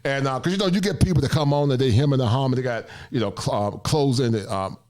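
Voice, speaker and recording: A man's voice: mid-range voice, fast, darkish tone. A man hosting a live stream in casual chat, affirming his guests often and steering the talk. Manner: affirming, fills in with "yes, sir" and "right". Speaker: host.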